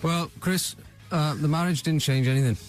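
A man's voice: a little high, faint music behind. A man guesting on a radio show, a musician, joking about life on tour. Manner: joking, fast-talking. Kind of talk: casual radio chat.

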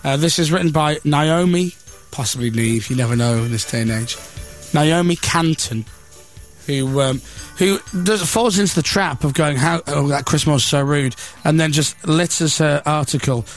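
A man's voice: fairly high pitch, moderate pace, faint music behind. A man hosting a radio breakfast show, chatting and reading a newspaper story aloud with sarcastic, mocking asides. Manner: sarcastic, mocking, self-deprecating. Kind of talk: casual on-air banter, reading a newspaper aloud. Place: radio studio. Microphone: studio microphone.

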